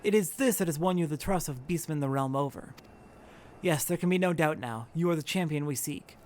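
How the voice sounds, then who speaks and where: Mysterious young woman, soft-spoken and pleading; a man reads her lines. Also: high voice, a little hiss or hum, close to an everyday voice. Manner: soft, earnest, hesitant pleading.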